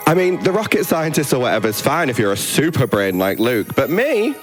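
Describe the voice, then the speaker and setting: A man's voice: very animated, a little fast, soft background music, close to an everyday voice. A man voicing Clyde, an enthusiastic teenage boy with a northern English accent, reading a scene aloud. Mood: youthful, eager. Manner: high bright eager read.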